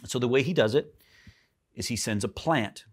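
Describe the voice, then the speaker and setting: Guy pastor giving a sermon, mid voice, gets really animated then goes soft. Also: normal speed, slightly rough. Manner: animated, rises high for emphasis and drops soft. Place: church.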